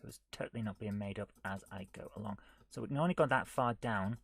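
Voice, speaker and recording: A man streaming himself coding a retro game live, thinking aloud, muttering half to himself and scolding his software. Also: on the low side, quick pace, vocal fry, breathy edge. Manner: muttering to himself while he works, often dropping to a near whisper; chatty and self-mocking, scolding the software.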